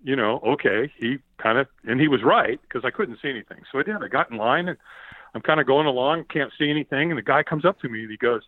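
Male guest, animated storyteller with a lively, swinging pitch, recorded over a dry, tinny phone-like line. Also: quick pace, dry recording. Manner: lively, acts out quoted shouts, repeats words. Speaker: podcast guest.

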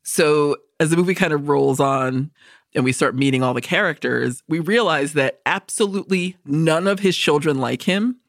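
A woman co-hosting a movie podcast, recapping a film's plot in a profane, animated way and acting out the characters' lines. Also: low-pitched, moderate pace, no echo, studio quality. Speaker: podcast co-host. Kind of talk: casual movie discussion.

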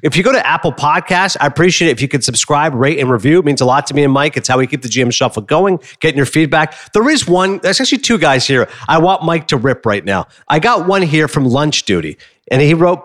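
A man's voice: on the high side, expressive, fast talker, fairly bright tone. A man in his forties hosting a podcast, talking in an upbeat, emphatic way. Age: 40s. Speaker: podcast host. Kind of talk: casual chat.

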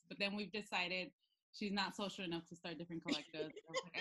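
A woman's voice: lowish voice, brisk, poor audio. Laughing woman sharing funny stories. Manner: animated, acts out quotes and laughs often; mixes in Spanish phrases. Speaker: podcast co-host. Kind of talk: casual chat.

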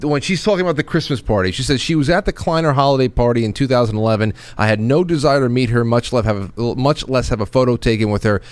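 A male show host in casual political talk, halting and questioning, often restarting his sentences. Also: medium pitch, clear, resonant tone, no room sound.

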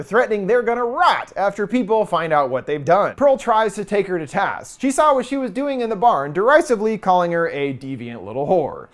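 A film recap narrator reading a scripted plot breakdown, dropping sarcastic, playful asides between the story beats. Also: medium pitch.

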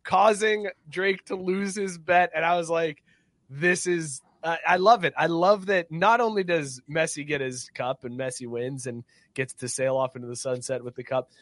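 A man hosting a sports podcast in casual chat, his voice sitting a bit high. He keeps the talk moving between topics and laughs often. The sound is dry and close. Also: steady tone, moderate pace, hardly any pauses, dry recording. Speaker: podcast host.

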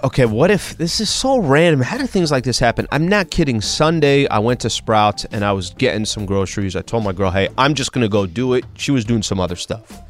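A man's voice: medium pitch, expressive, fairly quick, faint music behind. A man co-hosting a daily talk show, telling stories and giving opinions in an easygoing, casual way. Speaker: radio show co-host. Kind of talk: casual chat.

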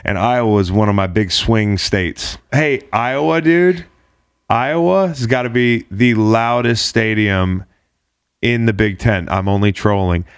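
A man hosting a casual sports chat show, talking in a rambling, animated way with lots of "like" and casual swearing. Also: on the low side, a little slow, clear, resonant tone, dry recording, clean studio sound. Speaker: podcast host.

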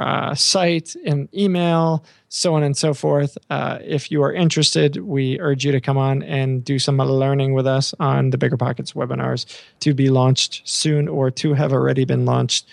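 A man's voice: fairly high pitch, level tone, moderate pace, creaky, no echo, clean studio sound. A man hosting a podcast in casual, rambling chat full of fillers and repeated words. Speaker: podcast host.

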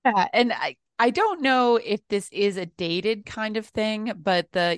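A woman's voice: mid-range voice, moderate pace, few pauses, smooth, no room sound, studio quality. A woman co-hosting a podcast, chatting easily and explaining musical references. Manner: easygoing, laughs often, explains musical references. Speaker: podcast co-host. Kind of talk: casual podcast chat.

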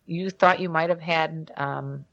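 A middle-aged woman hosts a chat and asks teasing, probing questions. Her voice sits a little low, and the recording is dull and lo-fi. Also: fairly even intonation, unhurried, creaky, fairly bright tone, no echo. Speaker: podcast host, mother of the guest. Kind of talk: casual podcast chat.

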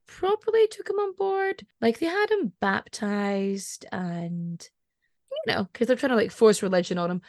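Chatty Scottish woman with a gravelly edge. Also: medium pitch, lively intonation, unhurried, a little mellow, no room sound, studio quality. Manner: chatty, digressive, laughs often. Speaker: podcast host. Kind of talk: casual chat.

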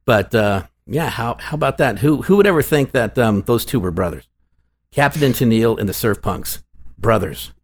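A man co-hosting a music podcast, talking in a relaxed, chatty way with fillers. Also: medium pitch, normal speed, husky. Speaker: podcast co-host. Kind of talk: casual music podcast chat.

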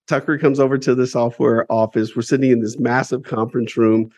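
A man's voice: mid-range voice, fairly even intonation, brisk, a little mellow, no room sound. A man who runs a publishing company, telling his life story as a guest in a casual interview, candid and emphatic, swearing freely and repeating words as he builds up each point.

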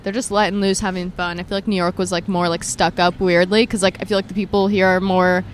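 A young woman in her twenties, a podcast host chatting casually with her sister, talking quickly and anxiously with lots of fillers. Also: little pitch movement, slight background noise. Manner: quick, high-strung talker full of fillers. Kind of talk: casual chat.

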